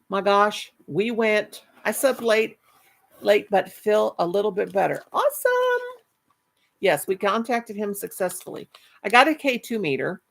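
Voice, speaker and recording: A woman's voice: mid-range voice, vocal fry. A middle-aged woman hosting a casual live stream, reading chat and rambling fondly with many restarts. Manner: chatty, affectionate, rambling with restarts.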